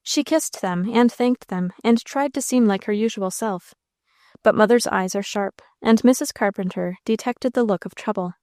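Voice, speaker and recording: A woman reading a classic children's story aloud as an audiobook narrator, in a gentle, measured storytelling way. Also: medium pitch, dry recording, studio quality.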